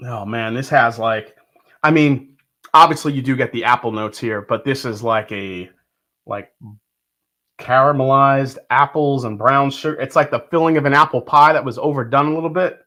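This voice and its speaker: Speaking at a moderate pace in a sharp, medium-pitched voice, this livestream host keeps things casual, calling out viewers by name and musing aloud while he tastes.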